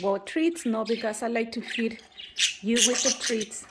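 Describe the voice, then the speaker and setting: A woman's voice: fairly high pitch, animated, measured pace. A woman vlogging at home, talking to her pet birds in a coaxing, baby-talk way. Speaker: bird owner vlogger. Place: indoors at home with birdcages. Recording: bird chatter noise behind the voice. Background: birds chirping and squawking.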